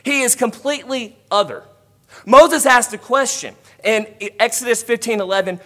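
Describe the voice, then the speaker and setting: High-voiced preacher swinging loud to soft. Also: male voice, moderate pace. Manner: rising to emphatic, loud declarations, then dropping to quiet asides. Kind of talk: sermon.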